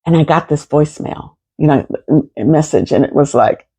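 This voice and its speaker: A woman in her fifties telling a personal story to camera in an animated, expressive way, swearing freely. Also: low voice, moderate pace, breathy edge. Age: 50s. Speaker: vlogger.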